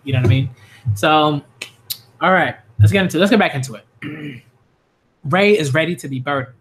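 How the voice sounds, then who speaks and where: A man reviewing a manga chapter, reading the panels aloud and reacting live, swinging between loud cheering and hushed reading. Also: a little high, normal speed, pauses often.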